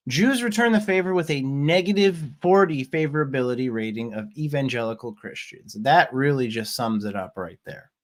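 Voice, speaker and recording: A man hosting a political commentary show, talking conversationally with pointed, sarcastic remarks. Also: a little high. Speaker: host.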